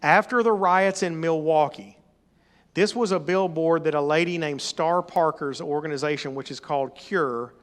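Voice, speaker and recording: A middle-aged man preaching a sermon, emphatic and rising to loud exhortation. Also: a little high, moderate pace. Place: church or meeting hall.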